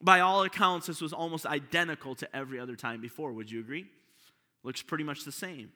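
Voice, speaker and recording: A man's voice: fairly high pitch, fast, sharp tone. A pastor preaching a sermon to his congregation, often asking them rhetorical questions. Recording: long hall reverb.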